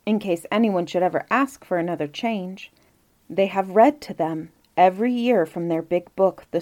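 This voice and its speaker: Mellow-voiced woman reading a fairy tale. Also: on the low side. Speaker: storyteller.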